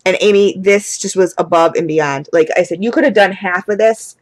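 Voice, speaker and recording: A woman vlogging an unboxing in a casual, chatty way, gushing with excitement, calling her viewers "guys" and sounding close to tears with gratitude. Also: medium pitch, moderate pace, dry recording, poor audio. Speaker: candle and wax hobby vlogger.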